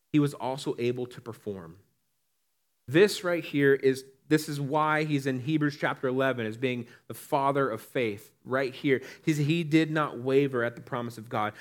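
A young man delivers a relaxed, conversational sermon in a slightly high voice. He reads scripture aloud and breaks into lively little impressions of the people he quotes. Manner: conversational, animated, acts out quotes. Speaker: pastor. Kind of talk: casual sermon.

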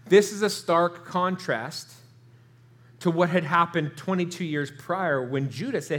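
A man's voice: high voice, unhurried, fairly bright tone. A man preaching a sermon, retelling a scripture story and acting out the characters' pleading lines. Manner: storytelling, acts out quoted lines with rising emotion. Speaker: pastor.

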